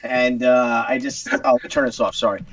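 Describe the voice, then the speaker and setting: A man's voice: medium pitch, little pitch movement, moderate pace, a bit bright, no room sound, distant mic, lo-fi sound. A middle-aged man hosting a casual chat show over a video call, joking and playful. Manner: joking, playful, slips into put-on voices. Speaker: host.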